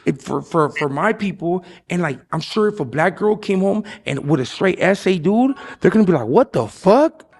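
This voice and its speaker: A man's voice: high-pitched, expressive, normal speed, hardly any pauses, a little mellow. A man from Los Angeles talking bluntly and with heavy profanity, often tagging lines with "you know what I'm saying". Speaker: interview guest. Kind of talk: candid street talk.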